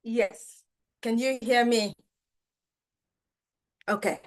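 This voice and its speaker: A woman panelist on a webinar, opening with slow, hesitant greetings. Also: a little high, fairly even intonation, no room sound, clean studio sound.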